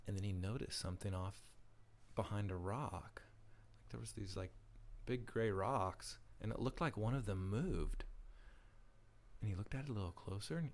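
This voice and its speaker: A man at a school assembly telling a story to young children in a casual, animated way with lots of fillers. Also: on the low side, a little fast. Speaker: school staff presenter.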